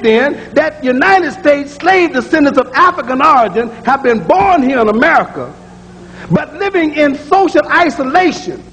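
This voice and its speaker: Male lecturer with a very high voice, emphatic and repetitive, heard in a reverberant hall. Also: a bit bright, a little hiss or hum. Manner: emphatic, repeats key phrases, sounds out speech sounds aloud. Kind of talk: public lecture to an audience. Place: lecture room with audience.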